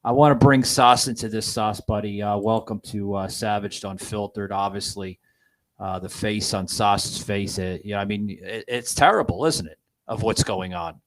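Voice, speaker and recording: A man hosting a political podcast, talking in a halting, upset way with many fillers and restarts. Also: fairly low pitch, poor audio. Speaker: podcast host.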